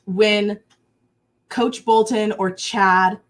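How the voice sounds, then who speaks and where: A woman in her twenties, a guest in a casual chat, telling stories in an animated way with frequent laughs. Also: medium pitch, very slow. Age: 20s.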